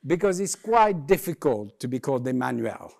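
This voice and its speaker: A man giving a humorous keynote talk on stage, telling lively stories and acting out the voices of the people in them. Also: mid-range voice, normal speed, gravelly. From lives in London. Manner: lively storyteller, acts out quoted voices. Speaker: keynote speaker. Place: conference stage before a live audience.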